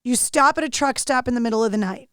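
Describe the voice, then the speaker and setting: A woman's voice: a little high, fast, clear, resonant tone, no echo, clean studio sound. A woman hosting a podcast interview, asking upbeat, teasing questions. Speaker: podcast host. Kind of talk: casual interview chat.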